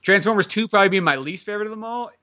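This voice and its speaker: A man's voice: high voice, very fast, sharp tone, lo-fi sound. A young man co-hosting a comedy podcast, rambling casually about movies and swearing freely. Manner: rambling, swears a lot, jokey impressions. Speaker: podcast co-host.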